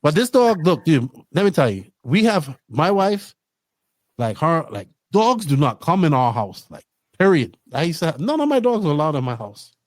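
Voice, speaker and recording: A middle-aged man hosting a podcast, chatting casually and telling stories in an animated way, swearing freely. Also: fairly high pitch, moderate pace, dry recording. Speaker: podcast host. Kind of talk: casual chat.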